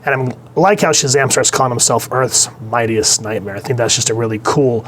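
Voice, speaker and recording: A man's voice: medium pitch, fairly quick, a bit bright, slight background noise. A young man casually reviewing a comic book, talking with enthusiasm and rambling on with fillers.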